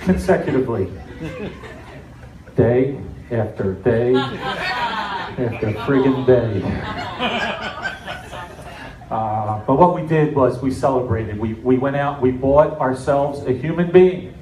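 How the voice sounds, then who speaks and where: A middle-aged man from New Jersey doing a stand-up comedy set with deadpan, self-mocking storytelling. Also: mid-range voice, slow pace, pauses often, far from the mic. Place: comedy club stage. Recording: echoey club with audience noise. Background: audience laughter.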